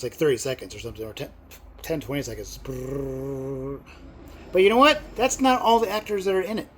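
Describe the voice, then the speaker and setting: A middle-aged man vlogging in a casual, rambling way, full of fillers and sudden excited outbursts. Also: a little high. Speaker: movie vlogger. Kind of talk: casual chat.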